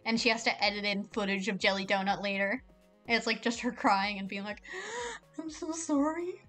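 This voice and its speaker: A woman's voice: mid-range voice, level tone, pushed and bright, faint music behind. A woman streamer chatting casually and jokingly while reading a visual novel aloud. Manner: rambling, joking, fast with fillers.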